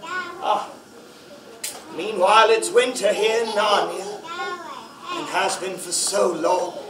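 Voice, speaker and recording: A man's voice: high-pitched, lively intonation, slow pace, background noise. A man playing Mr Tumnus, a stammering, fussy faun. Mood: fussy, delighted. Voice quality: stammering, exclaiming often. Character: nervous, fussy, guilt-ridden male faun. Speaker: stage actor. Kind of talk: live stage play. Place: library hall before an audience. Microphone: far camera. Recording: echoey hall from far off.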